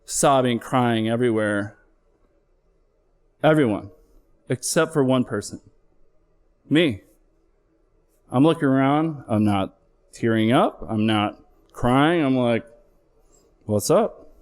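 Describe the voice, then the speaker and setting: A man's voice: medium pitch, slow pace, long pauses, clear, resonant tone. A middle-aged man, a flight paramedic, telling a candid personal story on stage with earnest emotional swells.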